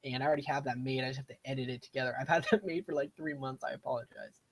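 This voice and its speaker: Very fast and husky, this young man speaks at medium pitch in a steady tone. He's a gaming streamer giving casual commentary during a live stream, rambling and self-deprecating as he plays.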